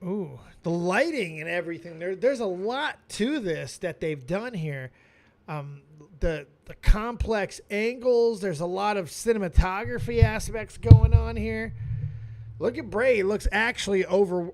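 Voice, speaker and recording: A man hosting a live stream, giving excitable watch-along commentary with frequent exclamations and swearing. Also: high voice, a little slow. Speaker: streaming host reacting to wrestling.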